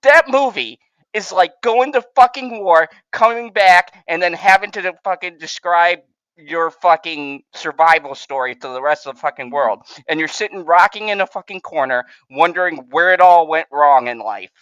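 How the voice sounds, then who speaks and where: A woman's voice: fairly low pitch, animated, normal speed, dry recording, muffled recording. A woman co-hosting a podcast, ranting hard and swearing through a heated movie complaint, worked up and sweating. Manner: heated, swearing, loud and emphatic. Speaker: podcast co-host. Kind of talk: profane ranting commentary.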